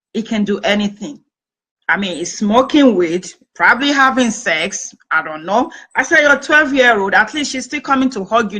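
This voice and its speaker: Bright-voiced woman giving earnest advice. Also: fairly high pitch, poor audio. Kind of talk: casual talk-show chat with storytelling.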